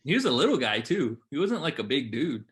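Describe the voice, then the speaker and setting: A young man co-hosting a casual podcast, telling animated, profane stories. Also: mid-range voice, a little fast, a crowd in the background. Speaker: podcast co-host. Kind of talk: casual chat.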